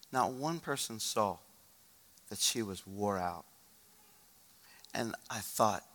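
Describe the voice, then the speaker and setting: A male pastor preaching a sermon, moving from loud urgent exhortation to a quiet, hushed story. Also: lowish voice, long reverb tail.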